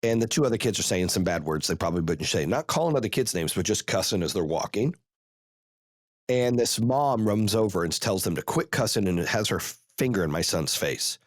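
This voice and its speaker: A man hosting a podcast, telling a story in a casual, profane, animated way and rattling off rapid play-by-play. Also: on the low side, no echo, studio quality. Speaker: podcast host.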